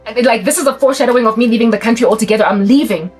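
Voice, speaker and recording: A South African woman giving a fervent, preachy vlog monologue, rapid and repetitive, sometimes breaking into song. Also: fairly high pitch, slightly rough, faint music behind. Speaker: Christian vlogger. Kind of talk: impassioned monologue to camera.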